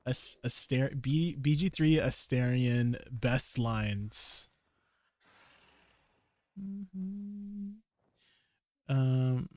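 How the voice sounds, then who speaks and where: With drawn-out words and frequent pauses, a young man talks casually to his live-stream audience as he games, often breaking into giggles between questions. His mid-range voice is a little mellow. There's no room sound, just faint background noise.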